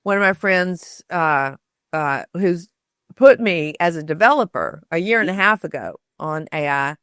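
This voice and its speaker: Thoughtful low-voiced woman guest, very dry sound. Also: expressive, fairly bright tone, clean tone, no room sound. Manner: thoughtful, halting with many fillers and restarts. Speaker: podcast guest, storytelling author. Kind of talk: conversational interview.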